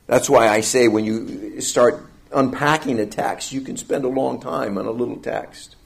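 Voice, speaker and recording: A male preacher walks through scripture in an expository teaching style. His delivery is emphatic, climbing on key phrases and then dropping back. He slows down deliberately to press each point home. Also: mid-range voice, vocal fry. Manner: emphatic, rising and falling delivery with deliberate slowing on key words.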